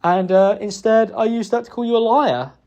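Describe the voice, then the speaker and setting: A man making a halting, remorseful apology in a private recording, with many pauses and restarts. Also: high-pitched, a little mellow. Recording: dull lo-fi recording.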